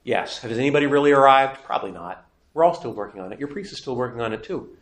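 A man's voice: mid-range voice, lively intonation, quick pace. A man, a priest, teaching a scripture lesson in a conversational way and asking his class rhetorical questions. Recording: roomy echo.

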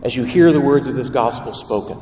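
Priest preaching in an echoing church. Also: male voice, medium pitch, a little fast, mellow, slight background noise. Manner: dramatic, voices quoted temptations. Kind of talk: homily. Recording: roomy church reverb from a distance.

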